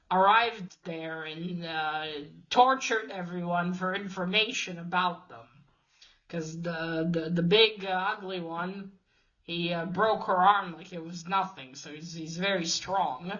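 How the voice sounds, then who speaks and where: A woman casually recapping a story's plot, hesitant and halting, with many fillers and restarts. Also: on the low side, a bit bright, highs cut off. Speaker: video host retelling a comic.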